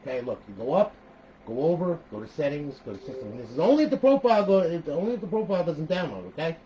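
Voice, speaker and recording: A man walking viewers through a modded game console setup in a casual, talky tutorial, checking in with "okay?" after nearly every step and breaking into animated outbursts. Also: on the high side, fast, lo-fi sound. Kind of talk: casual screen-recorded tutorial.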